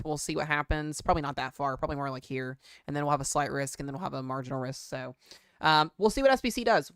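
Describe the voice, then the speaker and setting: A man's voice: fairly high pitch, fairly bright tone, clear, resonant tone, no room sound, clean studio sound. A man streaming live weather commentary in a casual, rambling and jokey way, with filler words.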